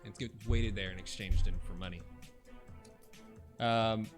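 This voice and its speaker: A young man with a lowish voice runs a tabletop game, narrating scenes in a halting way. He stops often on fillers as he describes the action. Faint music plays behind him. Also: steady tone. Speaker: game master.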